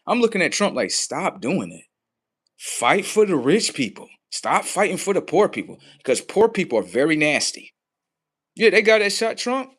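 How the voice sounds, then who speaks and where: A man hosting a livestream, swearing heavily in a mocking rant that swings between loud high outbursts and low muttering. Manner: heavy swearing, mocking, talks at the audience. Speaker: livestream host.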